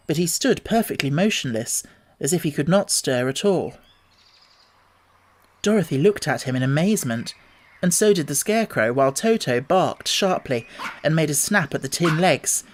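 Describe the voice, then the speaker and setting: A man narrating an audiobook with a steady, measured storytelling delivery. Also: fairly high pitch. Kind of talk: scripted narration.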